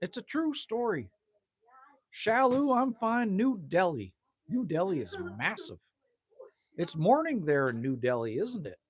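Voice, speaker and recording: Husky, laid-back guy livestreaming. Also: high-pitched, very animated, measured pace. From Manitoba, Canada. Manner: laid-back and chatty, teases himself, swears lightly, says "man" often. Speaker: livestream host. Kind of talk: casual livestream chat reading viewer comments. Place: outdoors at a cabin in the evening.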